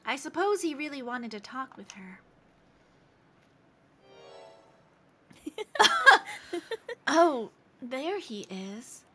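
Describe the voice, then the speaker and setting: A woman's voice: high-pitched, big pitch swings, slow pace, bright, forceful tone, exaggerated voice. A woman reading the lines of a thoughtful, observant adult protagonist in a game, in a musing tone. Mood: curious. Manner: musing, reads lines aloud. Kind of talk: reading game dialogue on a stream.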